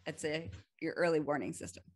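This podcast host speaks in a low, animated, brisk voice as she recounts an ordinary story by herself. Her delivery is chatty and relaxed, sprinkled with frequent laughs and fillers.

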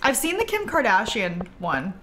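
A woman's voice: medium pitch, huge pitch swings, normal speed, noisy background. A young woman streaming a farming game, chatting casually and bubbly with her viewers, with gasps and trailing asides. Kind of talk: casual gameplay chat with viewers. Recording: music playing in the background.

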